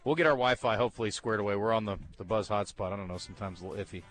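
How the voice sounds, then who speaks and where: A man's voice: on the low side, very fast, fairly bright tone, soft background music. A man hosting a live sports talk radio show from a bookstore, chatting in an easygoing, bantering way. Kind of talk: casual radio chat.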